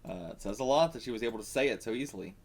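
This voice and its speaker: A man hosting a reaction channel, chatting casually and in an animated way as he reads through a manga. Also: medium pitch, very fast.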